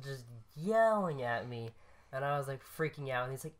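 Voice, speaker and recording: A man's voice: fairly high pitch, fairly quick. A man co-hosting a podcast, telling a story in casual chat, rambling and correcting himself, laughing at his own lines. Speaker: podcast co-host.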